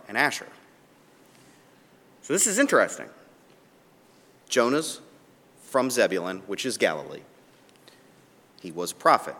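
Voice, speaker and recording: A man preaching a sermon and reading scripture aloud, his delivery swinging from soft asides to emphatic, raised points. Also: on the low side, in a large hall. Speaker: pastor.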